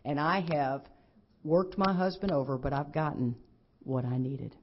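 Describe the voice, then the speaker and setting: A middle-aged woman, giving a lively personal testimony at a recovery convention and acting out what others said. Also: low-pitched, measured pace, a little hiss or hum. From Texas. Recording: dull lo-fi convention recording.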